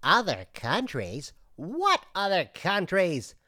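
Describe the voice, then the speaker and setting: Homesick male customer played by a woman, comedy sketch, bright voice, slow delivery, touchy. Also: fairly low pitch, wildly swooping pitch, no room sound, clean studio sound, heavily acted. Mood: outraged. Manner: shifts between meek apologies and loud indignant outbursts. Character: homesick male cafe customer, easily outraged.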